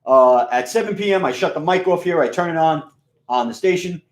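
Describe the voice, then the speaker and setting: Pitched on the high side, this New Yorker sounds animated and talks a little fast. His voice is scratchy and rustic with a Queens and Bronx mix, and as a radio and video host he wanders through a profane, offhand monologue riddled with fillers and restarts, all in a roomy, echoing space.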